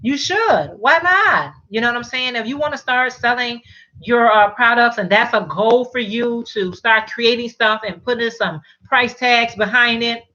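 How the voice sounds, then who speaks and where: A woman's voice: on the high side, moderate pace, sharp tone, dull audio. A middle-aged woman hosting a casual live stream, chatting and reading viewer comments, often restarting and repeating words.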